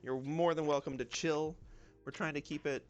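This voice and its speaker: A man's voice: a little high, moderate pace. Easygoing Southern-accented man streaming. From southern United States. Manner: relaxed, rambling, self-talk with many ums and y'alls. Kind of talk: casual live-stream chat while drawing. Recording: faint lo-fi music behind. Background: lo-fi music.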